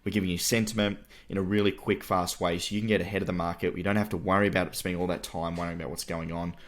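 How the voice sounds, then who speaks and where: An Australian man from Tasmania co-hosting a podcast, chatting in a quick, upbeat way. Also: deep voice, little pitch movement. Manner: fast, upbeat banter with mates. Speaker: podcast co-host. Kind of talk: casual podcast chat.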